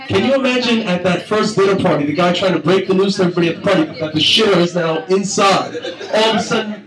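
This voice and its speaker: A man's voice: high-pitched, fast talker. A young man doing a crude, rambling stand-up comedy set on a club stage, laughing at his own jokes. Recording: echoey room from far, crowd noise.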